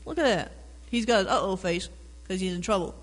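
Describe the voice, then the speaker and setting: High-voiced man reading a picture book. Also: fairly quick, long reverb tail. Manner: animated storybook reading, chatty asides. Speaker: reader.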